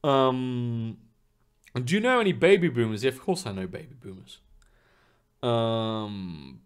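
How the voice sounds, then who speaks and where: A man's voice: medium pitch, expressive, measured pace, long pauses, clean tone. A young man chatting casually on a live stream from his room, rambling and swearing freely with lots of fillers and restarts. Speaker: streamer reading chat. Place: home room.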